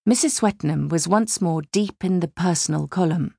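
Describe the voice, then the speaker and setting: Husky woman narrating an audiobook. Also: lowish voice, moderate pace, hardly any pauses, darkish tone, no echo, clean studio sound. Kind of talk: scripted narration.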